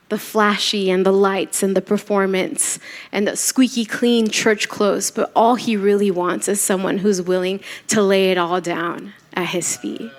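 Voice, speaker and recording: A woman preaching a church sermon, telling a story casually and acting out the quoted voices. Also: medium pitch. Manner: conversational storytelling, acts out quotes.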